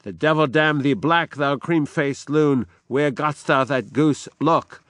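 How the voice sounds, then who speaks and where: A man voicing a defiant, doomed tyrant king, reciting his lines slowly in a raised declamatory voice. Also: mid-range voice, fairly even intonation, fairly bright tone, clean tone, no echo.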